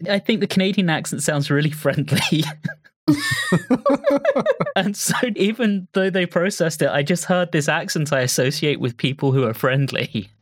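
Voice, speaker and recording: A man's voice: fairly high pitch, no room sound, clean studio sound. A man co-hosting a casual podcast discussion, candid and self-deprecating, with apologetic asides. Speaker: podcast co-host. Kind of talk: casual chat.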